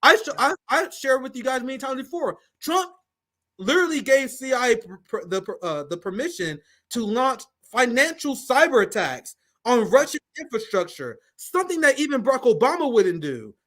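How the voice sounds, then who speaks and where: A man's voice: very high voice, sing-song, normal speed, fairly bright tone. A man hosting a political talk stream, reading news aloud and commenting in a loose, slangy way with frequent laughs. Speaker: host.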